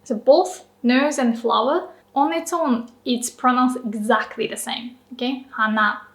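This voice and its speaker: A woman with a fairly high voice leads a friendly pronunciation lesson at an unhurried pace. She drills each word with exaggerated rises and falls in pitch and laughs easily between examples. The room gives her voice a roomy echo. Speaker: Japanese language teacher.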